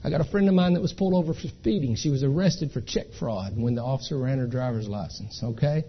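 A man's voice: mid-range voice, fast talker, breathy edge, lo-fi sound. A man gives a folksy, chatty talk to an audience, telling stories and keeping to check in with "okay?". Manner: chatty, storytelling, keeps asking "okay?". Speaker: speaker at an identity theft seminar. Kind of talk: folksy live presentation to an audience.

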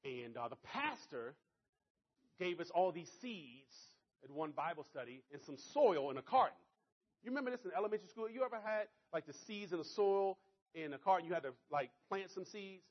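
A man giving a motivational speech to an audience, telling a story in an animated, conversational way. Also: sits high, normal speed, muffled recording. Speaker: motivational speaker.

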